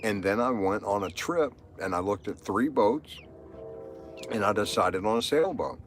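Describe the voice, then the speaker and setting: A man's voice: lowish voice, animated, normal speed, faint music behind. Rambling man on a live stream. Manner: rambling, repetitive, emotional. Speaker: livestreamer. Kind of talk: live stream monologue, reading chat.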